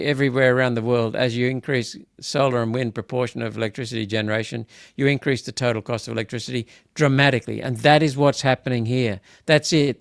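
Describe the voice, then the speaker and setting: Vocal fry colors this mid-range male voice, heard in studio quality with no echo. An Australian senator is hosting a live political wrap-up, speaking casually and repetitively as he becomes indignant and erupts emphatically.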